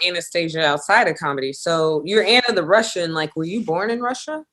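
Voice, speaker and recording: A woman podcast host interviewing a guest in a relaxed way. Her voice sits slightly low. She keeps asking follow-up questions. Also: fairly quick.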